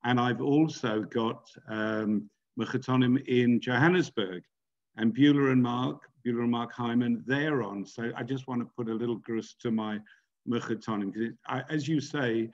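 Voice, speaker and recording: A rabbi from Britain speaking on a video call, chatty and personal, with some restarts. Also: male voice, mid-range voice, moderate pace, lo-fi sound. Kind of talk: speaking to a joint congregation event on a video call.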